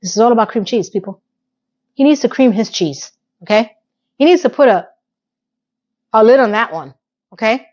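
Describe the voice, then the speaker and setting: A woman's voice: fairly high pitch, expressive, moderate pace, long pauses, a little mellow, highs cut off. A woman chatting casually to her viewers as she recaps a TV episode, sassy and direct.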